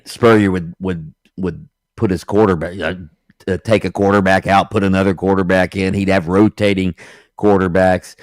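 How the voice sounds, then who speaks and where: A man co-hosting a sports radio show, lively and laughing as he retells clips and stories. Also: deep voice, no room sound, clean studio sound. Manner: animated, laughing, retells with impressions. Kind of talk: sports talk radio banter. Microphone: studio microphone.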